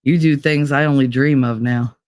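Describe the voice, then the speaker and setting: A woman's voice: a bass voice, steady tone, normal speed, darkish tone, dry recording, studio quality. A middle-aged woman hosting a casual podcast, talking bluntly with wry self-mocking humor and plenty of swearing. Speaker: podcast host. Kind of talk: casual personal chat.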